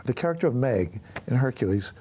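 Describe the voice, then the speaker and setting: On stage in front of an audience, a guest film writer-director, an older man, spins lively anecdotes and mimics the people he quotes. His voice is medium in pitch and fairly quick, with slight background noise.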